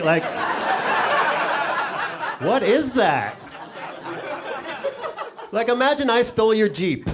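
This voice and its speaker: A man's voice: sits high, very animated, slow pace, pauses often. Sarcastic middle-aged man doing stand-up. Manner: sarcastic, riffing. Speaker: stand-up comedian. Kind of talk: stand-up set. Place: comedy club stage. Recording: noisy live club recording.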